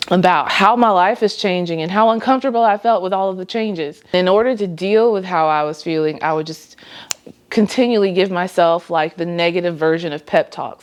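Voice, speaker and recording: Casting: young adult woman, low-ish voice, earnest faith vlogger, reflective and candid. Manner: earnest and reflective, with light laughs. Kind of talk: faith-based personal vlog.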